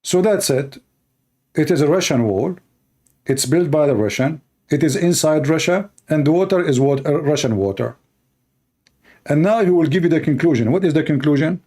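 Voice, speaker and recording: A man's voice: a little high, lively intonation, normal speed, dark tone. A man with Arabic as his first language, giving scornful, heated commentary on a video clip in broken English.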